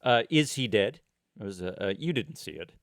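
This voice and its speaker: A man co-hosting a casual podcast, joking around and teasing his partner. His pitch swings widely as he talks. The sound is dry and close. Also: expressive, no room sound. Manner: jokey, playful, quick to tease. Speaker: podcast co-host. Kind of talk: casual chat.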